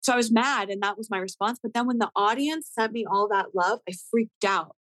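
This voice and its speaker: A woman in her thirties, a rapper guest telling a story in a casual interview, animated and swearing often as she acts out what people said. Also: fairly high pitch, moderate pace, no room sound, low-quality recording. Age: 30s.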